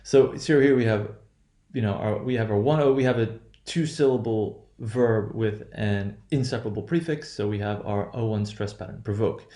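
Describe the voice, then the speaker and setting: Halting man teaching in an echoey room. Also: lowish voice, dark tone. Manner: halting, self-correcting, many fillers and "right?" checks. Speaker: English pronunciation teacher. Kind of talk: recorded lecture.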